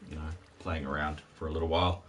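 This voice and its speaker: A man's voice: very deep voice, little pitch movement, quick pace, a bit bright, distant mic. A man, chatting in a rambling, wry way as he streams a game. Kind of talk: casual live-stream commentary. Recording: voice a bit off-mic with faint hiss.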